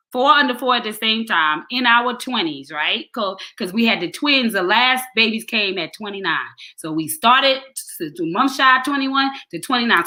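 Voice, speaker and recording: A woman in her forties hosting a casual talk show, telling personal stories animatedly, breaking into loud emotional exclamations. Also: on the high side. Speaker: host. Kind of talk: casual chat show storytelling.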